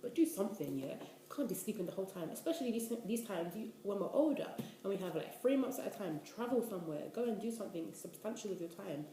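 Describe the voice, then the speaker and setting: A woman in her twenties from the UK, a university student giving casual life advice in an animated, chatty way. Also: medium pitch, quick pace, few pauses. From United Kingdom. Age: 20s. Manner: chatty, animated, preachy asides. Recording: echoey room, faint noise.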